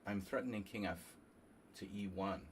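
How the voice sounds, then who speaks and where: A man from New Jersey streaming a chess simul, thinking aloud in a halting, casual way and coughing now and then. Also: sits low, a little hiss or hum. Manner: halting, muttering through chess moves with fillers.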